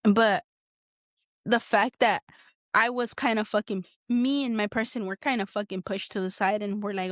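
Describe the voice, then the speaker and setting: A woman's voice: on the high side, fairly even intonation, moderate pace, no echo, clean studio sound. Blunt, foul-mouthed woman venting. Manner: blunt, heavily profane venting; emotional, repeats herself while searching for words. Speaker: podcast host. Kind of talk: candid solo podcast monologue.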